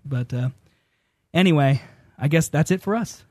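A man's voice: on the high side, moderate pace, darkish tone, no echo, studio quality. A man hosting a casual radio talk show, joking and laughing often with his co-host.

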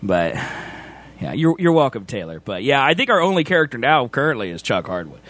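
Bright, lively podcast host. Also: male voice, medium pitch, brisk. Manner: wry, joking. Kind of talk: casual chat.

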